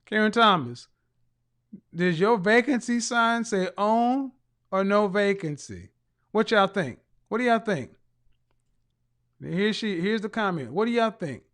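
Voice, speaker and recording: A man's voice: high voice, lively intonation, measured pace, long pauses. A man hosting a casual livestream, reading out viewer comments in a mocking, teasing way. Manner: bursts of loud laughter. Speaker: live show host reading viewer comments.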